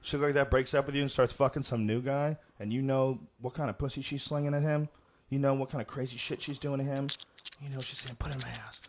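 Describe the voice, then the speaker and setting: A man's voice: medium pitch, steady tone, fast, a little mellow, a little hiss or hum. Emphatic, profane male podcast host. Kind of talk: casual chat.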